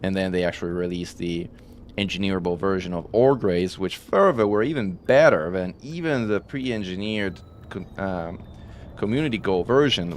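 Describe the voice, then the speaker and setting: With a low voice and slight background noise behind him, a streamer casually talks to viewers during a live stream. He rambles, self-corrects, and says "um" and "like" a lot.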